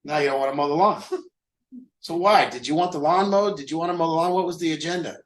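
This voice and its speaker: On a group call, a man leads a recovery group, speaking candidly, poking fun at himself and posing rhetorical questions. His voice is fairly high and fast, with a roomy sound and poor audio quality.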